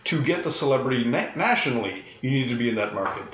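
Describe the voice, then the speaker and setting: A man's voice: medium pitch, expressive, fast, fairly bright tone. Dry-witted male podcast co-host. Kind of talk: casual chat. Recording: echoey room, dull lo-fi sound.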